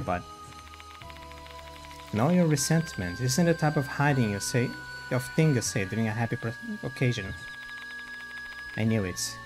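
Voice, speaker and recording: A man streaming a horror visual novel, reading its narration and dialogue aloud in a plain voice and breaking off for quick reactions. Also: mid-range voice. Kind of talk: reading game text aloud with commentary.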